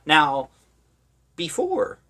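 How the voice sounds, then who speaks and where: A man's voice: on the high side, huge pitch swings, drawn-out words, fairly bright tone. Rambling, sarcastic man reviewing horror films. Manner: rambling, with many fillers and sarcastic asides. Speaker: horror movie vlogger. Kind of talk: casual opinionated commentary.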